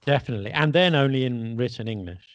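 A man's voice: medium pitch, fast, dry recording, lo-fi sound. A man hosting a casual podcast and patiently explaining English grammar, checking in with his listener. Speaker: English teacher and podcast host.

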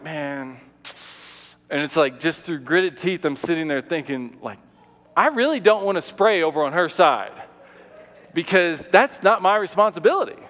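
A man preaching a sermon, telling a personal story in an animated way, often repeating words and acting out what people said. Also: medium pitch, big-room sound. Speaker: pastor.

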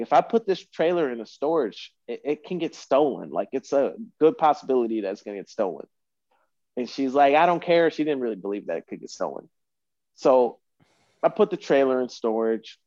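A man's voice: mid-range voice, a little mellow, dry recording, muffled recording. A man telling a long story as a podcast guest in casual talk, rambling and repeating himself.

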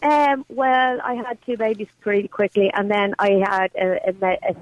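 A woman's voice: medium pitch, level tone, moderate pace, no echo. An Irish woman calling in to a radio show, earnest and rambling, correcting herself as she goes. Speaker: caller. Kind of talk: talk radio phone-in. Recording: dull lo-fi phone audio.

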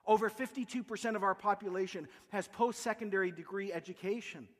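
High-voiced Canadian pastor preaching with passion. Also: male voice, fairly quick, long reverb tail. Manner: impassioned, builds with repeated rhetorical questions. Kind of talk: sermon. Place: church sanctuary.

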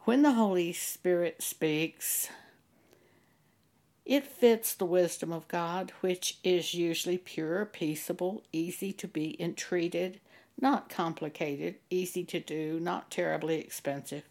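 A woman telling a slow, gentle devotional testimony as a Christian blogger and author, with deliberate, measured phrasing. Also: fairly low pitch.

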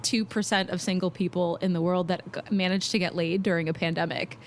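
A woman's voice: fairly low pitch, fairly even intonation, a little fast. A woman chatting casually on a podcast, reflective and often hedging what she says. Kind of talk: casual chat.

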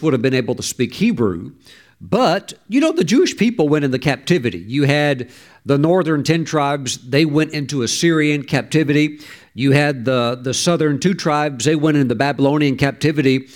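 Expressive male pastor preaching a sermon. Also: fairly high pitch. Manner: expressive storytelling, reads scripture aloud.

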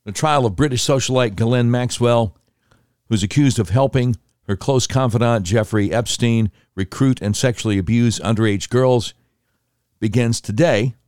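A man's voice: mid-range voice, darkish tone, no room sound, clean studio sound. Sardonic male news commentary host. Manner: conversational, sarcastic asides, self-correcting. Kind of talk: casual news commentary reading articles.

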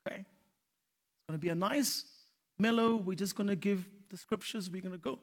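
High, bright preacher in a hall. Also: male voice, moderate pace. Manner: storytelling, animated, rising to shouted exhortation. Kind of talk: sermon. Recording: reverberant church hall.

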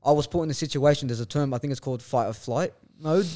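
A man's voice: medium pitch, quick pace, mellow. A man, a podcast guest telling a story bluntly, with lots of swearing and slang. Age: 20s. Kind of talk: casual chat.

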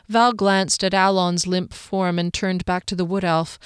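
A woman narrating a fantasy novel aloud in a calm, even storytelling manner. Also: normal speed, hardly any pauses, clear, resonant tone, no echo, clean studio sound. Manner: calm, even storytelling that shifts pitch for quoted characters.

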